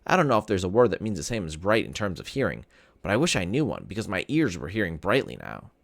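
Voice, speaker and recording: A man, a teacher, reading a novel aloud to his students in an expressive, animated storytelling way. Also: low-pitched, quick pace, vocal fry, no room sound.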